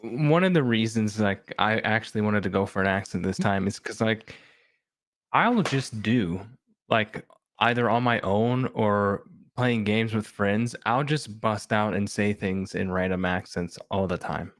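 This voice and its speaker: A low-voiced man talks through his ideas in a loose, rambling way, full of "like" and restarts. His voice is dry and close, with no room around it. He sounds like one of the regular cast in a relaxed podcast conversation. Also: a little slow, no room sound. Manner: rambling, filler-heavy, thinks aloud. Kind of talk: casual chat.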